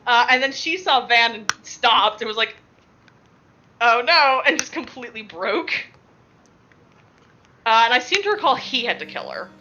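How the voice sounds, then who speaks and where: Tabletop player, woman, bright and a little high, loose rambling recap, slightly muffled audio. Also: sing-song, moderate pace, a little hiss or hum. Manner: rambling, laughing, lots of filler words. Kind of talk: casual recap of a game session.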